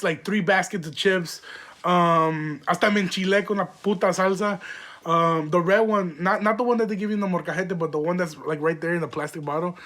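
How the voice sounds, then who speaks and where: A man's voice: sits high, a bit bright. A young man hosting a podcast, telling rambling, profane stories in slang with lots of fillers. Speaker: podcast host. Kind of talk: casual storytelling monologue.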